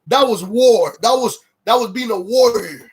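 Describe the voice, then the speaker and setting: Guy with a pretty high voice going off on a livestream, angry and cussing a lot, reads comments out. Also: measured pace, breathy edge. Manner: heated, profane, reads viewer comments aloud. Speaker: livestream host. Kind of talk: ranting livestream monologue.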